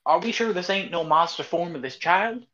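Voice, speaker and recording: Brash excitable man, muffled mic. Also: high voice, moderate pace. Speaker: player. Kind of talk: tabletop game chat.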